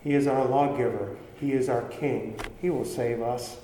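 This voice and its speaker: A man in the middle of his pitch range preaches an earnest, conversational sermon. His voice is mellow and warm. It rings with long reverb through a big, echoey room, with faint ambience behind him. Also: steady tone, normal speed, slight background noise.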